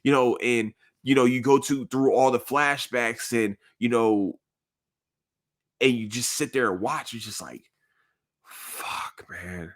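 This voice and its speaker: A man's voice: mid-range voice, steady tone, measured pace. A man hosting a podcast in casual chat, earnest and rambling, full of slang and swearing. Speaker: podcast host.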